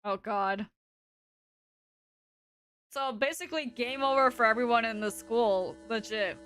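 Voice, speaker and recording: Bright-voiced young woman streamer. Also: fairly high pitch, unhurried, clean tone. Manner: chatty, laughing asides, dramatic reactions. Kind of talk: game playthrough commentary. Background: soft game music.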